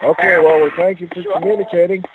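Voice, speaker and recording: A man from Canada, a paranormal investigator calling in as a guest, asking slow, probing questions into a ghost box. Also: high voice, fairly even intonation. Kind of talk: calling in to a live radio show. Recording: tinny phone line with noise.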